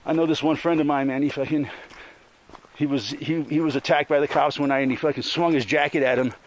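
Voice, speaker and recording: A man's voice: fairly high pitch, fairly even intonation, brisk, a little hiss or hum. Angry, profane man ranting. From Colorado. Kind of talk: casual monologue rant.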